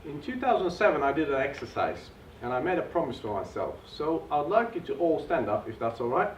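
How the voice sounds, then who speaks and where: A young man with a Bulgarian accent giving an energetic, motivational seminar talk in a hotel function room, recorded from afar. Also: fairly high pitch, fairly quick, recorded from a distance. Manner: energetic, rallying the audience. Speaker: seminar co-presenter. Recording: echoey dull room recording with noise from afar.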